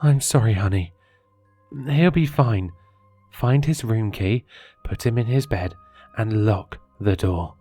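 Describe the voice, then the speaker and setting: A man's voice: lowish voice, a little slow, long pauses, dark tone, no echo, soft background music. A man voicing a worried, tearful middle-aged mother who speaks in an anxious, pleading way.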